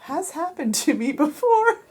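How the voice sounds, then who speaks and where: A woman with a fairly high voice co-hosts a loose, chatty radio show. She jokes constantly and breaks into giggles. Now and then she slips into silly put-on voices. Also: very animated, measured pace, a little mellow. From United States. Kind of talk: casual chat.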